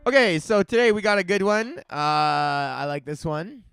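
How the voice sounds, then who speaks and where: A man's voice: sits high, normal speed, gravelly, fairly bright tone, clear, resonant tone, dry recording, clean studio sound, soft background music. A man hosting a solo comedy podcast, crude and joking, often laughing as he rants. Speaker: podcast host.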